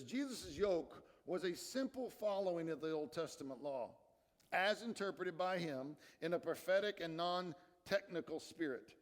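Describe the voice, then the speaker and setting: High-voiced preaching man in a reverberant church. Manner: earnest, emphatic preaching with dramatic shifts in loudness. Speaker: pastor. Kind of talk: sermon. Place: church sanctuary.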